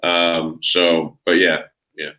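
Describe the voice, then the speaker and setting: A man's voice: low voice, little pitch movement, takes it slowly, pushed and bright, poor audio. A man, telling a rambling, profane story as a podcast guest. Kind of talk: casual chat.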